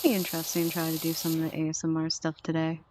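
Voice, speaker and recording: A young adult woman streaming a game in a soft-spoken ASMR manner, teasing and chatting lazily with her viewers. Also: low-pitched, completely flat delivery, rapid-fire, background noise.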